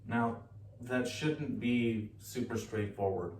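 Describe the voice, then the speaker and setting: A man's voice: mid-range voice, slow pace. Man teaching in an echoey room. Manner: relaxed, chatty, self-correcting. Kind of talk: casual recorded lecture. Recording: echoey room, distant mic, faint hiss.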